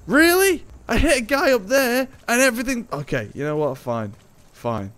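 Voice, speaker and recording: A man giving excitable, jokey let's play commentary and talking back to game characters. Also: sits high, moderate pace. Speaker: gaming YouTuber. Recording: game sound effects and vehicle noise behind.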